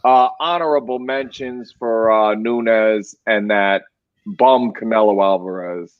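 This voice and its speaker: A man's voice: fairly low pitch, no room sound, lo-fi sound. A man co-hosting a sports podcast, telling rambling stories and getting fired up about who is toughest. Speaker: podcast co-host. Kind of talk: casual sports chat.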